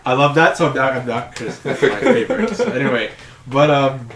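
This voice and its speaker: A man's voice: mid-range voice, sing-song, brisk, crowd noise. A man co-hosting a casual podcast chat, rambling with many fillers. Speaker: podcast co-host. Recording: echoey room, faint noise.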